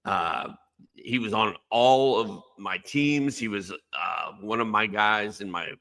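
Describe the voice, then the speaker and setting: A man co-hosting a fantasy basketball podcast from a home office, relaxed and easygoing, telling stories. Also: fairly low pitch, slow pace. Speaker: co-host, fantasy basketball analyst. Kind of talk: casual sports podcast chat.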